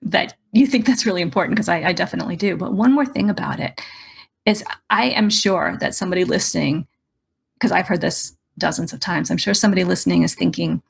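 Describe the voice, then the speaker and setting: A woman's voice: lowish voice, fairly quick, gravelly, slightly rough. A woman career coach giving emphatic, persuasive advice in a podcast interview. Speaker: career coach and resume writer.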